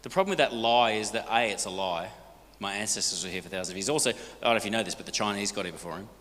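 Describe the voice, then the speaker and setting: A middle-aged man with an Australian accent speaks to a church congregation, his voice on the low side. He tells stories in a lively, joking way and keeps asking the audience questions. The sound rings with the long reverb of a large church hall. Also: rapid-fire. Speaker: guest speaker. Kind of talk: storytelling talk to a church congregation.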